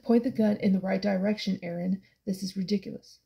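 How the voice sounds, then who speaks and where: A woman voicing a cruel, mocking older man who taunts his son with contempt, in a gravelly, husky voice. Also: medium pitch, steady tone, a little fast, warm tone. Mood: cold.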